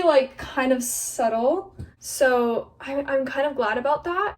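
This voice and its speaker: High-voiced chatty teenage girl. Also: slow pace, far from the mic. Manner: chatty, flustered, self-mocking, lots of "like". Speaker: vlogger. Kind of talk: casual chat while cutting her own hair. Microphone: phone camera.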